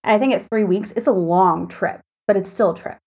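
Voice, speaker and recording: A woman's voice: mid-range voice, a little fast, a little mellow, slightly rough. A woman hosting a casual podcast chat, asking questions, laughing easily and recording from a hotel room. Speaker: podcast host.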